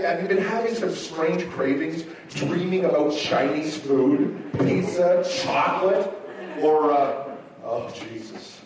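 A man preaching a sermon as a pastor, telling personal stories with emphatic, animated rises. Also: on the high side. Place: church sanctuary. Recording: echoey hall from far off.

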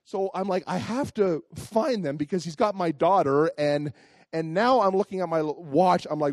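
With a high-pitched voice at a moderate pace, this pastor preaches a sermon built around a personal story. He tells it in a lively way, impersonating the voices of the people in it, and there is no room sound.

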